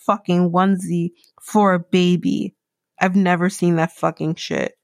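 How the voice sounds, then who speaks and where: A woman's voice: lowish voice, flat delivery, a little slow, gravelly, dry recording, clean studio sound. Blunt, profane woman ranting. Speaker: podcast host recapping a reality show. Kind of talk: casual solo recap.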